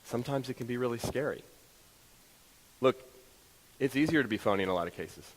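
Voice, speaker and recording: A man giving a motivational talk to an audience, telling stories in an animated, self-deprecating way. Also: medium pitch, fairly quick, big-room sound, rough recording. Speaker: motivational speaker. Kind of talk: storytelling keynote talk to an audience.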